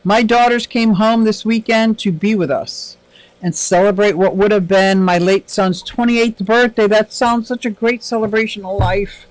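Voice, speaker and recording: A man's voice: high voice, steady tone, normal speed, no room sound, poor audio. A man hosting a casual livestream, chatting in a rambling, upbeat way and answering viewer comments aloud. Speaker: livestream host.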